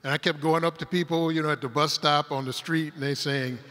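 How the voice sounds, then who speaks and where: A man from Detroit, Michigan, speaks at a conference in a converted industrial hall, his slightly high, fairly bright voice brisk and fairly even in intonation. He tells rambling, humorous anecdotes on stage, sprinkled with asides, and the hall echoes around him.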